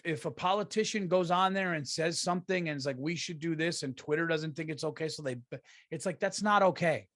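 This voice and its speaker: A middle-aged man, hosting a comedy podcast and ranting profanely, swinging from loud outbursts to low mutters. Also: dry recording, clean studio sound.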